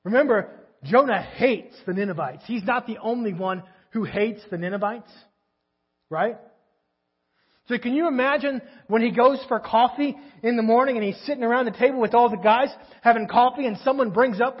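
A man's voice: very high-pitched, moderate pace, breathy edge, dull audio. A man preaching a sermon in a conversational way, asking his listeners rhetorical questions. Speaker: pastor.

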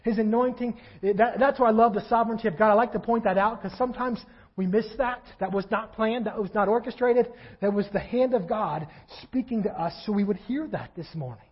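A husky-voiced male pastor preaching a sermon in a church, swinging between quiet reflection and loud fervent passages. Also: sits high, a little fast, highs cut off. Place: church sanctuary.

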